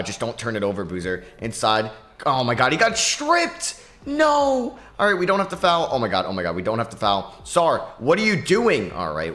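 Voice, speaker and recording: A young man giving excitable, quick commentary on his own basketball video game, talking to himself as he plays. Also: medium pitch. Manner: excitable, talks to himself while playing. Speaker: gaming YouTuber.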